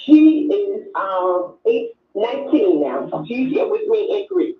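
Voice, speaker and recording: An older woman calls in to a show for a chat, speaking with effusive emotion and repeating herself. Her high voice swings hugely in pitch and moves slowly, heard through an echoey, tinny phone line from a distant mic with faint music behind.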